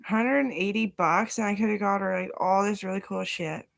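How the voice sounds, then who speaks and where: Young woman rambling to camera, swears a lot, goes loud then drops to a whisper, mid voice. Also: medium pitch, moderate pace, gravelly. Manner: rambling, swears often, drifts between loud talk and whispers. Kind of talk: rambling personal vlog.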